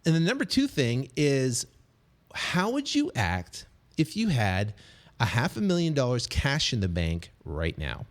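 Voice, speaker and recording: A middle-aged man coaching on real estate deals in a casual motivational monologue, animated and repetitive, full of fillers, restarts and quick acted snippets. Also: medium pitch. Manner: acts out quick snippets of other voices.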